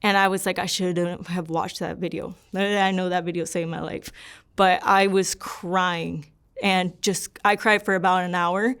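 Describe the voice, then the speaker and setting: Smooth-voiced young woman telling her story. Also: fairly low pitch, flat delivery, moderate pace, fairly bright tone. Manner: rambling and earnest, leans heavily on "like". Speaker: interview subject. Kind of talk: candid personal storytelling.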